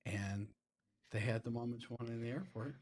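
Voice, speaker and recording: A man's voice: mid-range voice, fairly even intonation, normal speed, darkish tone. A man co-hosting a podcast in casual chat, rambling through a story with many restarts and fillers. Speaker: podcast co-host.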